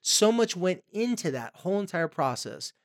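A man's voice: high voice, sing-song, moderate pace. A man co-hosting a podcast, giving casual advice in an emphatic way and acting out the parents and teens he quotes. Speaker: podcast co-host.

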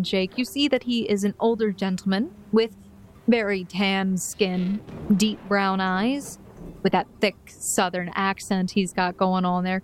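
A woman's voice: medium pitch, slight background noise. Woman narrating as game master. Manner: descriptive, steady storyteller.

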